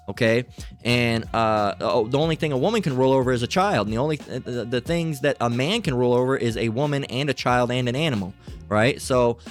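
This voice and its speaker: A man giving an unscripted religious monologue, reading out definitions and stumbling through frequent fillers and restarts. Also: medium pitch. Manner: halting, many fillers and restarts, preachy. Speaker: religious commentator.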